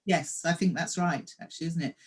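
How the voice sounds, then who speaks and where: Low-voiced woman hosting a chat. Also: fairly quick. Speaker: host and story coach. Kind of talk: casual interview conversation.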